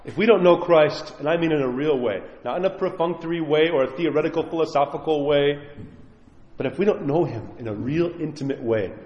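A man's voice: fairly high pitch, fairly quick. A man preaching a sermon as a priest, earnest and pleading, with a chuckle now and then. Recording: muffled echoey hall recording.

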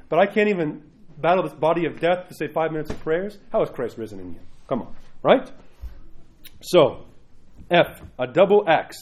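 A man's voice: a little high, big pitch swings, moderate pace, long pauses. A male priest giving a conversational teaching talk, often asking "right?" and acting out people's inner voices in quotes.

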